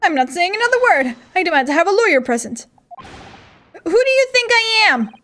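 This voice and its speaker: A woman voicing an excitable, melodramatic young man who wails and stammers that he is cursed, while reading game dialogue aloud. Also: very high-pitched, unhurried, a little hiss or hum, voice pushed up, exaggerated voice. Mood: indignant. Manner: wailing, theatrical, stammering outbursts.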